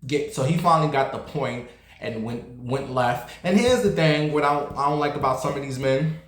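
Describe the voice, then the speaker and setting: A man tells a long story straight to the camera, sassy and blunt. His pitch sits in the middle, and the room around him is echoey. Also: moderate pace. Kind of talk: casual storytelling vlog.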